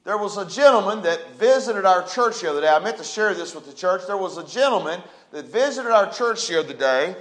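High-voiced man preaching. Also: expressive, brisk, hardly any pauses, a bit bright, poor audio. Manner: preaching with rising emphasis and call-and-response. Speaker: pastor. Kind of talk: sermon. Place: church sanctuary.

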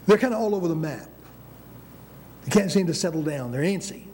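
An older American man preaches with a fairly high yet mellow, relaxed voice. He presses his points, restarts phrases and calls out "Amen?" to the congregation. A faint rumble of background noise sits behind him. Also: a little fast. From United States. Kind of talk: sermon.

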